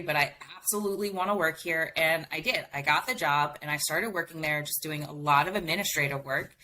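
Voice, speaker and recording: A young adult woman telling her story as a guest in a casual interview, animated and full of "like" fillers. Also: sits low, slight background noise, rough recording.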